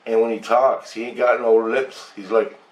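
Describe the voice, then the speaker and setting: A man telling a rambling, profane story in a casual, animated way, acting out what was said. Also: mid-range voice, normal speed. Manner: rambling, profane, animated retelling with acted-out quotes. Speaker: channel host. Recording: echoey room with faint noise.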